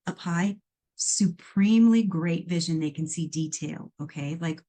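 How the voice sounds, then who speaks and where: A middle-aged woman from Iowa hosting a live call-in show as a psychic medium. She reads out listener questions and answers them in a chatty, animated way, full of playful asides. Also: on the low side, normal speed.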